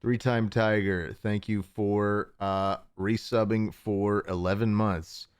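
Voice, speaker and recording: Young male streamer, lowish voice, loose rambling chat with frequent chuckles, recorded at home. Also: level tone, slow pace, clean tone, dry recording. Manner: rambling, chuckling, self-interrupting. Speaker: livestream host. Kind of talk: casual livestream chat.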